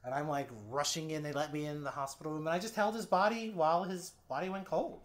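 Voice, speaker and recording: A man telling candid personal stories as a guest on a podcast interview. His delivery swings between loud, animated bursts and low, quiet passages, and he swears freely and acts out other people's lines. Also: quick pace.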